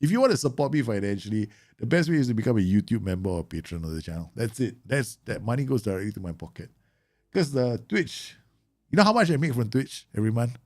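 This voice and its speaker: A man live-streaming a football management game, chatting casually with viewers and yelling at his players. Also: medium pitch, dry recording, clean studio sound. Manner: animated, bursts into loud yells and laughs at his players; chatty, answers viewer questions with many fillers.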